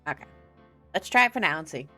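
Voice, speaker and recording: A woman's voice: deep voice, animated, fast, pushed and bright, soft background music. A young woman streaming a game, chatting casually and gushing as a fan. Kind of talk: casual gameplay chat.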